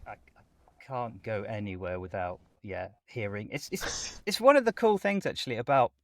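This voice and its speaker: A man speaking as a guest voice actor in a conversational interview, chatty and animated as he explains his work at length. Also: on the low side, moderate pace, dry recording, studio quality.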